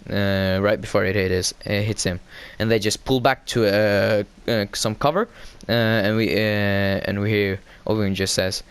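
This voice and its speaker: A man casually recapping a show episode. He hesitates a lot, fills pauses with "uh" and "um", corrects himself, and gets excitable as he retells the scenes. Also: lowish voice, clear, resonant tone. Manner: hesitant, heavy fillers and self-corrections.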